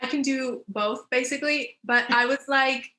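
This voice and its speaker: A woman's voice: sits high, steady tone, moderate pace, sharp tone, reverberant. A woman guest on a podcast, chatting casually and enthusiastically with plenty of fillers. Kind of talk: casual chat.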